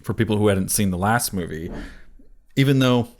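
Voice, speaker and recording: A man's voice: lowish voice, normal speed. A man co-hosting a casual movie review podcast, rambling with lots of fillers and restarts. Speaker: podcast co-host.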